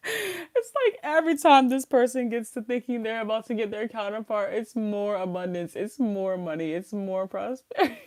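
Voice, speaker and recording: This tarot reader has a medium-pitched, slightly mellow voice and speaks at a normal pace with plenty of animation. She rambles and giggles through a casual spiritual reading, using many fillers and restarts while working around a sore wisdom tooth. The sound is studio quality with no room sound.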